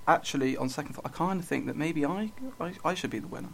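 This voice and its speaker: A man co-hosting an improvised comedy sketch, playing everything mock-earnest and hammy. His voice sits a little high. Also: quick pace, creaky, a little hiss or hum. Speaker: comedy podcast co-host.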